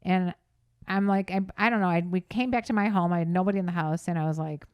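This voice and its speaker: A woman's voice: on the low side, fairly even intonation, fast talker, smooth, no room sound, muffled recording. Frank, laughing middle-aged woman, casual guest, dry sound. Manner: frank, laughs through stories. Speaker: podcast guest, author. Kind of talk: casual chat.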